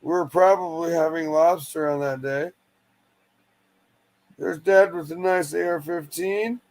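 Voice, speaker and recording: A man with a raspy, fry-heavy voice pitched a little high. He chats loosely on a stream, blunt and profane. His talk runs on with plenty of swearing. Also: fairly even intonation, unhurried, darkish tone, low-quality recording. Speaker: guest. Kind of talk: casual stream chat.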